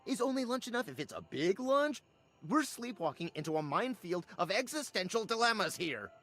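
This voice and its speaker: A man's voice: high-pitched, sing-song, brisk, fairly bright tone, faint music behind, exaggerated voice. A man voicing an anxious male scientist in a video game, urgent, nervous and wordy. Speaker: game character.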